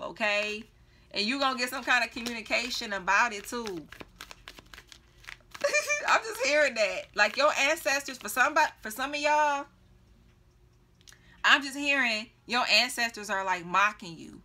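A woman's voice: fairly high pitch, lively intonation, moderate pace, pauses often, bright, forceful tone. A woman giving a casual tarot reading, chatty and blunt, laughing often and swearing freely. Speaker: tarot reader.

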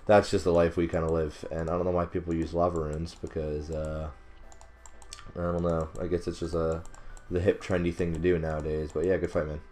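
A man's voice: deep voice, little pitch movement, fairly quick, dark tone, slight background noise. A young man giving casual, rambling commentary over his own gameplay, swearing often, laughing at himself and bursting out in frustration. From not British. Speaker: gaming commentator.

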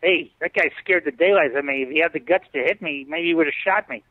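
A fast-talking man with a voice on the high side shares stories in a casual video-call interview. He's lively and acts out what others said, and the recording is dry, tinny call audio.

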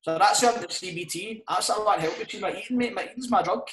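A man's voice: high-pitched, quick pace, fairly bright tone, a little hiss or hum. A Scottish man and comedian chatting casually on a podcast, swearing a lot and laughing through his stories. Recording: roomy echo.

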